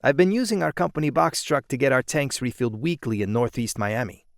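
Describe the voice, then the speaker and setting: A man's voice: medium pitch, fairly quick, vocal fry, no room sound, lightly acted. Guy doing a french-accented restaurant manager, matter-of-fact, short answers, dry close sound. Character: French-speaking male restaurant manager, businesslike.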